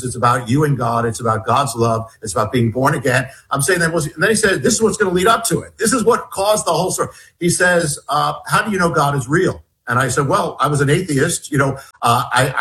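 A man's voice: fairly high pitch, sharp tone. A man being interviewed, telling a story at length in a rambling way, full of restarts and stumbles. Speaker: guest author.

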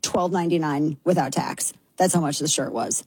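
A woman's voice: deep voice, darkish tone. A woman hosting a talk show, delivering a brash, sarcastic opinion monologue. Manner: brash, sarcastic, fast-shifting.

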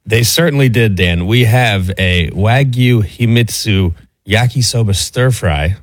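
A man's voice: fairly low pitch, unhurried, no echo, clean studio sound. A man on a sports radio crew, easygoing, reading out a menu in casual chat. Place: radio studio.

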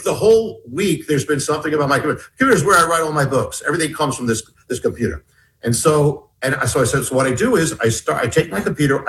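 A man's voice: medium pitch, fairly bright tone, low-quality recording. A man, an author being interviewed, earnestly recounting a personal story with many restarts and repeated words. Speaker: author guest.

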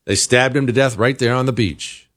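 A man's voice: mid-range voice, normal speed, a bit bright. An American man hosting a talk show, delivering an opinionated monologue that is full of emphatic rhetorical questions. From United States. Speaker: political talk show host.

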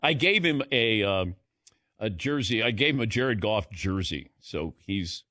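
Middle-aged male radio host, low-set but bright, crisp dry studio sound; easygoing banter. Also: lively intonation, measured pace, dry recording. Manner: chatty, laughs easily, calls on co-hosts by name. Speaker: sports talk show host.

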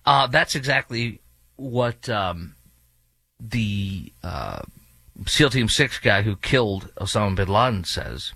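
A man's voice: fairly low pitch, big pitch swings, slow pace, creaky, sharp tone, breathy edge, dry recording. A man hosting an opinionated talk show, sarcastic and mocking, with rambling asides. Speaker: political commentary host. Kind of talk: opinionated talk radio commentary.

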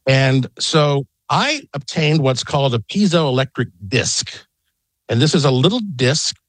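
A middle-aged man, a guest on a call-in radio interview, telling an excited, rambling story from his home. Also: mid-range voice, no room sound. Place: home in Las Vegas.

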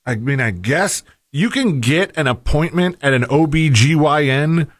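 Slow-talking man asking questions. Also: fairly high pitch, animated, no room sound, clean studio sound. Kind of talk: casual chat.

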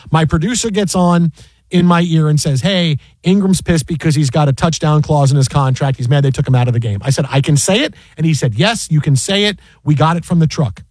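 High-voiced man telling an incredulous story. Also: fairly quick, no echo. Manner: excited, many restarts, incredulous. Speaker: sports broadcaster guest. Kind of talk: animated anecdote on a podcast.

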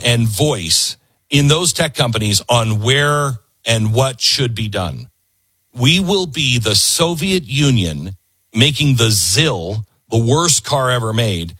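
Man, middle-aged talk host, lively swinging pitch, slightly husky, emphatic commentary. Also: no room sound. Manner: emphatic, repeats his points for force. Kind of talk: political commentary monologue.

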